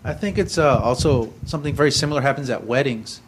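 A man's voice: mid-range voice, quick pace, noisy background. A man in the audience making a wry, mocking point in casual talk. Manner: wry, mocking show-offs. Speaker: audience member. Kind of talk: casual chat.

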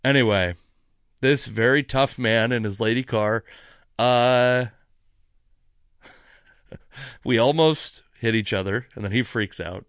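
Male podcast host, mid-pitched, loose profane storyteller, close dry mic. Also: takes it slowly, pauses often, no echo. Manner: animated, profane, rambling with asides. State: sipping wine. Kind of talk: casual storytelling monologue.

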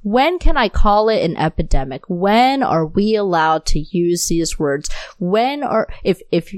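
A woman hosts a solo podcast and rants into her new mic, furious and unfiltered, with curses scattered all through her talk. Her voice sits on the low side for a woman, and the recording is dry and close. She speaks fervently and directly. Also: sing-song, a little slow, a little mellow, dry recording. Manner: angry, profane, impassioned. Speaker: podcast host.

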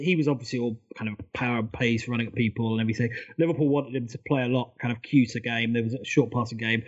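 A man co-hosting a casual football podcast, talking quickly and eagerly through detailed points. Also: medium pitch, muffled recording. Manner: fast, enthusiastic, detailed storytelling. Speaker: podcast co-host.

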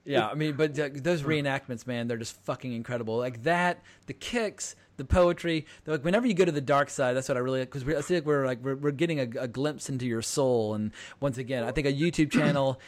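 A man's voice: mid-range voice, fairly quick, hardly any pauses. A man hosting a casual film podcast, talking in a chatty, rambling, playful way. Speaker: podcast host.

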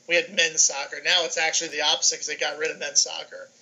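Bright-voiced middle-aged man telling stories. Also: a little high, fast, muffled recording. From New York. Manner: animated, acts out dialogue in his anecdotes. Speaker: guest, sports information director. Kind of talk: casual storytelling on a podcast. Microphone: video call.

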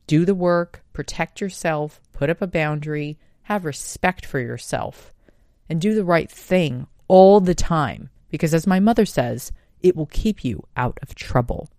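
Woman, podcast host, low voice, impassioned monologue, emphatic. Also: animated, measured pace, a little mellow, no room sound, studio quality. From United States. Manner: earnest and emphatic, swearing at times.

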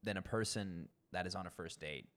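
Young male sommelier guest, low-ish voice, lively casual storyteller who swears freely. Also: a little fast. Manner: animated, acts out quoted people, frequent swearing.

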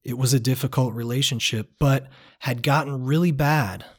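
A man with a voice of ordinary middle pitch narrates his own travel story in the first person. His reading is measured and reflective, with a quiet earnestness as he muses on the people he met. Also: slightly rough.

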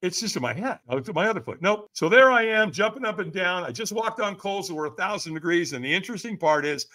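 A man telling a personal story as a podcast guest, emphatic and animated, acting out the voices of people he quotes. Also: sits high, fast talker.

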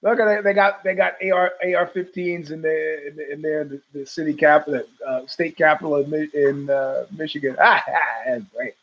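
A man with a high-pitched voice hosts his own show, rambling through stories in a casual monologue. He acts out the other people's lines, laughs often and keeps an animated, loose delivery. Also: brisk, poor audio. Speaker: podcast host.

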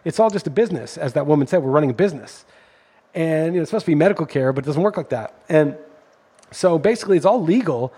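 A man's voice: on the high side, lively intonation, quick pace, dark tone, breathy edge. A middle-aged man hosting a podcast, telling a story in an indignant, ranting way. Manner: indignant, storytelling, rising intensity when ranting. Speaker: podcast host. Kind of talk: casual podcast chat.

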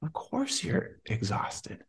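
A man voicing the imagined words of a serene, compassionate female statue spirit, speaking softly and gently. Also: slow pace, lightly acted. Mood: soothing. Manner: soft, gentle, reassuring.

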